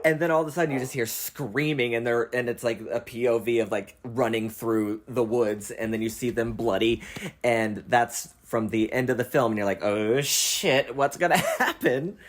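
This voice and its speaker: A young man in a relaxed film chat, talking at an everyday middle pitch. He is animated, laughs often and acts out quotes, with plenty of casual swearing. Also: normal speed. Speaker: host.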